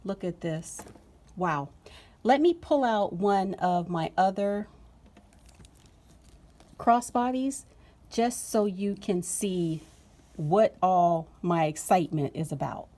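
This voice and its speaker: A woman vlogger chatting casually to camera while unboxing, gushing and excitable with drawn-out exclamations. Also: fairly low pitch.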